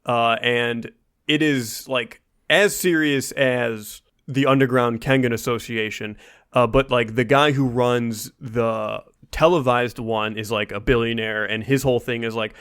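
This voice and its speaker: A man co-hosting a podcast, explaining in relaxed casual chat with many fillers. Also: medium pitch, a little slow, clear, resonant tone. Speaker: podcast co-host.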